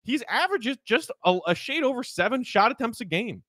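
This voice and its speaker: A man's voice: extremely high pitch, very animated, a little fast, a bit bright, no echo. A man hosting a casual sports podcast who reads off stats and asks his co-host questions.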